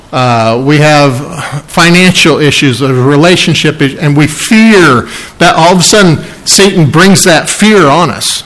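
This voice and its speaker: Emphatic man preaching, higher voice. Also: a bit bright, poor audio. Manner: emphatic, repeats key phrases for stress. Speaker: pastor. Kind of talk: sermon.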